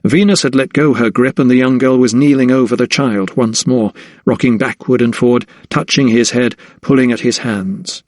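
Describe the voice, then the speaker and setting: A man narrating a historical mystery audiobook in a steady, even storytelling voice. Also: mid-range voice, normal speed, no room sound, clean studio sound. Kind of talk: scripted narration.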